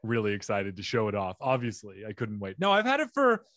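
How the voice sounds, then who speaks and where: A man hosting a comedy podcast, chatting casually and making deadpan jokes with playful bits. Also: lowish voice, brisk, no echo, studio quality. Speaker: podcast host.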